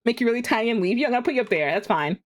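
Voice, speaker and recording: A woman's voice: fairly high pitch, expressive, very fast. A young woman streaming a game, chatting casually and animatedly, laughing often and talking to herself. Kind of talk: casual live-stream chat.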